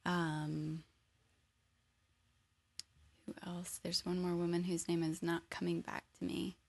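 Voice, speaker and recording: A woman speaking in a casual conversation, mostly listening and answering softly. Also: fairly low pitch, level tone, slow, gravelly, breathy edge. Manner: quiet listener, soft short replies.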